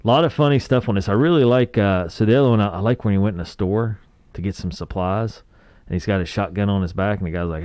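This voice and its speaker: Speaking quickly in a low-leaning, darkish voice with no room sound, this podcast co-host swaps easygoing movie stories in a casual review chat. He's a man in his forties from West Virginia who chuckles frequently and acts out quotes.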